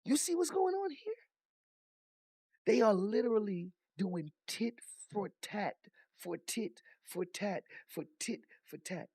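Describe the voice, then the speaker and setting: Male vlogger reacting to clips, lively voice, dry close mic, mocking and exasperated. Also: high-pitched, takes it slowly, slightly rough, dry recording. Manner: animated, incredulous, swearing, mocking impressions. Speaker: commentary vlogger. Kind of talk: casual reaction commentary.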